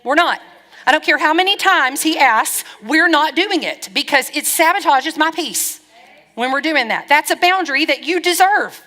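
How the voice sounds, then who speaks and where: Bright-voiced woman pastor preaching. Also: sits high, normal speed. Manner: lively, frank, wry storytelling with quoted dialogue. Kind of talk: sermon. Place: church hall. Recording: long church-hall reverb.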